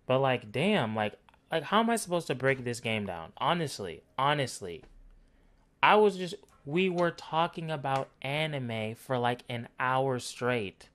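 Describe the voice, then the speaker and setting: A man's voice: medium pitch, very animated, a little slow, a bit bright. Profane, sarcastic man ranting. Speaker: basketball commentary vlogger. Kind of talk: profane ranting game analysis.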